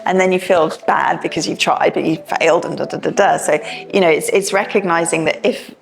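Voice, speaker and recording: A woman's voice: lowish voice, steady tone, a little fast, creaky, faint music behind. A middle-aged woman talking informally to parents, sharing home stories, with many fillers and restarts. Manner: chatty and warm-hearted, with many fillers and restarts. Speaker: education director speaking to parents. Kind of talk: informal talk to parents, personal anecdotes.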